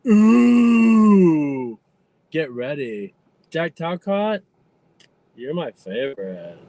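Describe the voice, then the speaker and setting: A man's voice: fairly high pitch, expressive, normal speed, slight background noise. Squealing, trash-talking man. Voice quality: loud squealing "ooh" yelps, profane taunting.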